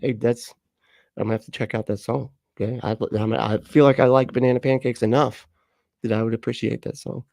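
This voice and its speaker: A man in his late thirties chats loosely on a livestream, wandering from topic to topic, laughing often and swearing freely. His voice sits at an ordinary middle pitch and sounds dry and close, with no room around it. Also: level tone, brisk, creaky, a little mellow, no echo. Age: late 30s. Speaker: livestream host. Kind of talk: casual livestream chat reading comments.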